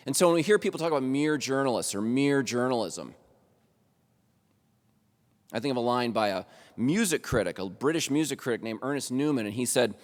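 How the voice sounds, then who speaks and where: A man's voice: mid-range voice, lively intonation, brisk. A man lectures from a college auditorium stage with a mid-range voice, talking casually and tossing "right?" back to the room. His voice rings with a long hall reverb. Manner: conversational lecturing, often asking "right?" of the audience. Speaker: college journalism professor. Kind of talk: lecture at a faculty roundtable.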